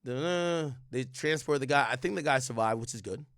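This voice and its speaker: A young streamer tells his chat a story in a casual, profane way, with frequent restarts, animatedly reenacting the back-and-forth in quoted voices. He talks fast at medium pitch, and the audio is studio quality with no echo.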